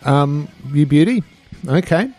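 A man's voice: a little high, lively intonation, unhurried, darkish tone. A middle-aged man with an Australian accent hosting casual radio chat in a laid-back, chuckling way. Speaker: radio host. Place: radio studio.

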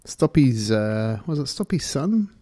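A man's voice: mid-range voice, very animated, measured pace, dark tone. A man co-hosting casual breakfast radio, with laid-back, joking banter. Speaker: radio co-host.

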